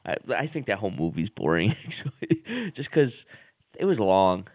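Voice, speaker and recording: A man's voice: lowish voice, wildly swooping pitch, normal speed, darkish tone, dry recording, clean studio sound. A man co-hosting a podcast in casual chat, rambling with many fillers and restarts. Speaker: podcast co-host.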